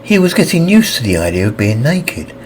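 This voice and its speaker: A man narrating a fantasy audiobook with expressive, scripted reading. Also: a little fast, a little hiss or hum, poor audio. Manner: expressive reading with lively pitch.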